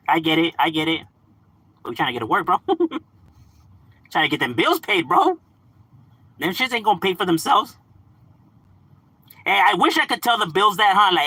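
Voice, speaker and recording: A bright, bouncy man's voice, swinging high and low as he chats casually on a livestream. His tone is husky and close to the mic. He is full of slang, slips into Spanish, and laughs easily. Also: very animated, normal speed, pauses often, no echo. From Los Angeles, California. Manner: slangy, laughs often, switches into Spanish words. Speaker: livestream host reading chat.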